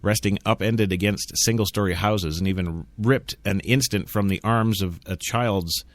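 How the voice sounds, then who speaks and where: A man's voice: fairly low pitch, normal speed, dry recording. An American man hosting a radio news talk show, reading stories with sarcastic jokes and frequent laughter. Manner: sarcastic, laughs often between lines. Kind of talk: irreverent news reading with joking asides.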